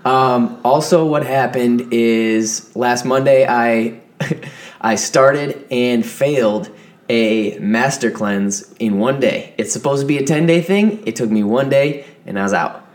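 A young man co-hosting a podcast, telling animated stories in casual chat and swearing freely. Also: mid-range voice, slow. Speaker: podcast co-host.

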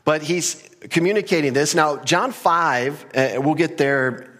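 A man's voice: on the high side, a little slow, a bit bright. A man preaching a conversational, earnest verse-by-verse sermon, often restarting his sentences. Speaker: pastor. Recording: long hall reverb.

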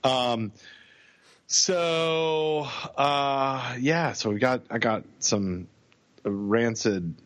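A man's voice: mid-range voice, drawn-out words, dry recording. A middle-aged man in casual podcast talk, spinning anecdotes and playing out the lines of the people in them. His voice sits in an ordinary middle range. The recording is close and dry. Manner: animated anecdotes with acted-out quotes. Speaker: podcast co-host. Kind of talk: casual chat, storytelling.

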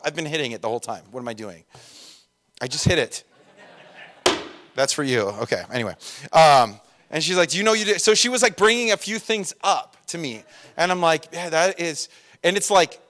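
Young male pastor, slightly raised pitch, casual self-deprecating delivery, filler-heavy sermon. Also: a bit bright. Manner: chatty, jokey, self-deprecating, lots of fillers.

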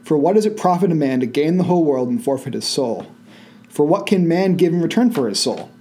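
A man co-hosting a casual Bible study in a library, reading verses aloud and adding relaxed, slangy asides. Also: a little high, a little fast. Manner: laid-back, slangy asides. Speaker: co-host reading scripture aloud.

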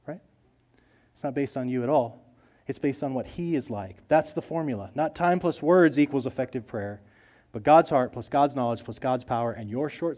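A man preaching a sermon, earnest, swinging between loud emphasis and soft low asides. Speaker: pastor.

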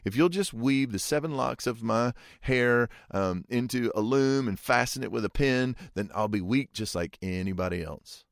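A man's voice: medium pitch, normal speed, gravelly, few pauses, no room sound, studio quality, natural voice. A preacher voicing an offhand, teasing strongman.

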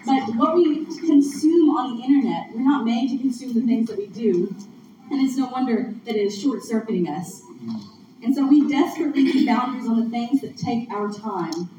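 This sermon comes from a woman whose voice sits on the high side and moves at a normal speed. She speaks earnestly and conversationally, sharing laughs with the church crowd, while the faraway mic in the big hall leaves the recording muffled, noisy, and full of echo.

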